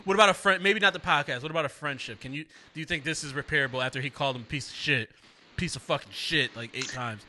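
A man's voice: a little high, fast talker, a little hiss or hum. A man co-hosting a podcast in casual chat, acting out both sides of his stories and laughing often. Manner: animated storyteller, laughs a lot, acts out both sides. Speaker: podcast co-host.

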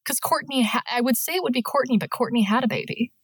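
A woman chatting casually on a podcast, playful and quick to laugh as she reads quotes in put-on voices. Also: a little high, breathy edge, no room sound. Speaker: guest voice actor.

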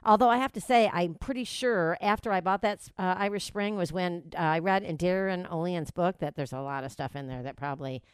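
A woman's voice: on the low side, fairly quick, hardly any pauses, smooth, no room sound. A woman hosting a radio show, chatting casually, laughing often and rambling. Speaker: radio host.

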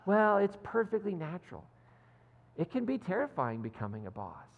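A man's voice: medium pitch, normal speed, vocal fry, lo-fi sound. A man in a sermon voicing a quirky, awkward middle-aged man, fumbling and earnest. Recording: long hall reverb.

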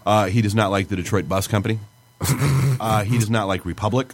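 A man's voice: on the low side, a little fast. A man co-hosting a casual podcast, reading reviews and replies aloud with sarcastic asides. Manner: sarcastic, mock-formal when reading replies. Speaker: podcast co-host.

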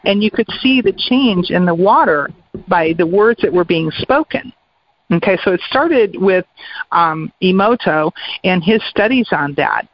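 A woman's voice: on the low side, lively intonation, a little slow. A woman guest on a radio talk show, explaining her ideas in an earnest, casual way. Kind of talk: casual chat. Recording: dry, muffled radio audio.

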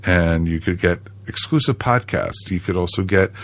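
Deep gravelly podcast host. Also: male voice, normal speed, slight background noise. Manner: jokey, playful sales patter. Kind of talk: casual podcast chat.

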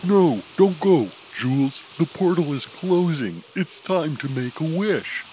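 A man voicing an excitable, nervous male superhero who pleads urgently in a raised voice. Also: medium pitch, unhurried, noisy background.

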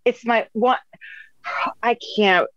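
A woman in her twenties co-hosting a comedic chat, quick-talking and squeamish with dry quips. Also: on the high side, highs cut off, a loud crowd. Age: 20s.

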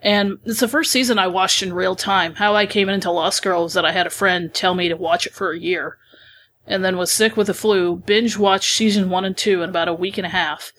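A woman's voice: mid-range voice, fairly even intonation, brisk, fairly bright tone, poor audio. Chatty woman podcast co-host. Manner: chatty and talkative. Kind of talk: casual chat.

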